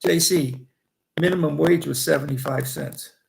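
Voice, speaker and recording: A man's voice: fairly high pitch, normal speed, creaky, poor audio. A man in his eighties from Indiana, a veteran trader telling long, rambling stories and chuckling as he remembers. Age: 80s. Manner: chuckling, restarts phrases while reminiscing. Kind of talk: rambling anecdotal storytelling.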